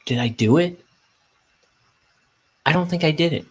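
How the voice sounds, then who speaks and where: A man's voice: fairly high pitch, unhurried, husky, poor audio. A man who is a cartoonist, chatting casually and self-mockingly while he inks his comic on a livestream. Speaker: cartoonist streaming his inking.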